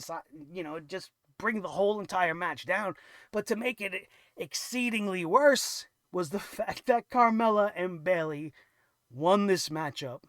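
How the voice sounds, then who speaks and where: Show host, ranting review; gravelly, dry-sounding read, sarcastic and profane with shouted outbursts. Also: mid-range voice, no room sound.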